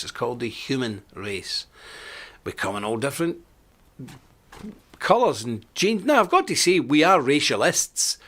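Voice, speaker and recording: An older Scottish man hosts a live web show, delivering a chatty, joking monologue and reading out viewer comments. His voice is medium-pitched, gravelly and a bit bright.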